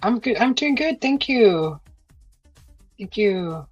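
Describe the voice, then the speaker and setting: Still sick, with a weakened throat, a middle-aged streamer talks slowly to her viewers in a mid-range, slightly rough voice with lively intonation, rambling and laughing a lot. Faint music sits behind a dry, lo-fi capture from her computer microphone.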